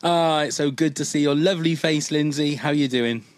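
A man's voice: on the high side, moderate pace, no echo. A middle-aged man hosting a podcast, chatting casually and joking with a laugh. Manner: jokey, chatty, laughs often. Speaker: podcast host. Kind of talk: casual chat.

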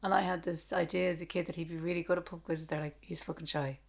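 A woman's voice: on the low side, flat delivery, fast talker, creaky. A young Irish woman co-hosting a casual podcast chat, joking, swearing freely and trailing off into laughs. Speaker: podcast co-host.

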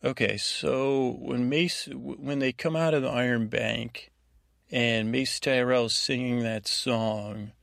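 Gravelly, meandering male podcast host. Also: mid-range voice, fairly even intonation, fairly bright tone, dry recording, studio quality. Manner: meandering, halting, full of restarts and asides. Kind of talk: rambling bedtime recap of a TV episode.

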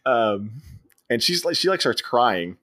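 A man's voice: medium pitch, sing-song, a little slow, pushed and bright. Man casually recapping a comedy film. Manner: rambling, amused retelling of scenes. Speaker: podcast co-host.

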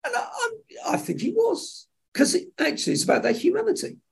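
A man, a television executive, telling lively anecdotes in an interview and acting out the dialogue. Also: extremely high pitch, fairly quick, creaky. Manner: animated storyteller acting out dialogue. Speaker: television executive, podcast guest.

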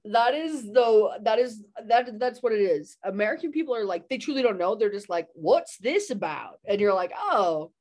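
A woman comedian on a podcast, talking in an animated way, laughing often and acting out what people say. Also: fairly high pitch, fairly quick, few pauses. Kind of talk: casual comedy podcast chat.

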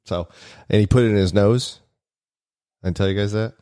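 A man's voice: on the low side, moderate pace, warm tone, clean tone. A man co-hosting a podcast, joking and teasing in casual chat. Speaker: podcast co-host.

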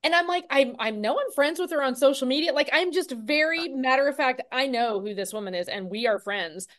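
Lively high-voiced woman podcast host. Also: a little fast. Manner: animated storytelling, acts out her own thoughts. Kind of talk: casual interview chat.

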